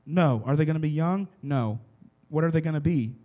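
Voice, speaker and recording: A man's voice: fairly high pitch, normal speed, mellow. A man preaching a casual sermon to a room of listeners, often stopping to check that they follow along. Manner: conversational, keeps checking in with the listeners. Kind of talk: casual sermon to a youth group. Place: room with a live audience.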